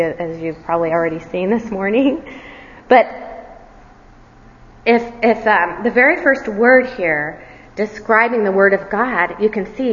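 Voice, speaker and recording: Earnest woman preaching in a reverberant hall. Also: medium pitch. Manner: earnest, self-deprecating asides. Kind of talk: expository sermon. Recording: reverberant hall, dull lo-fi sound.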